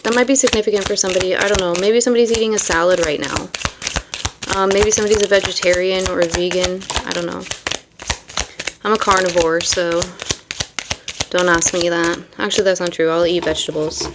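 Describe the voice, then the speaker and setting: A woman's voice: fairly low pitch, fairly even intonation, a little fast, very noisy. A young woman reading tarot and chatting casually, rambling and full of fillers between card meanings. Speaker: tarot reader.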